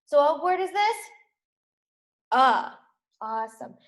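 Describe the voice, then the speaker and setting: A young woman teaches a recorded reading lesson for small children, her voice high and her pace unhurried. She sounds out each word slowly and keeps encouraging. The room around her is echoey. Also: expressive. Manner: slow, sounds out letters and words, encouraging.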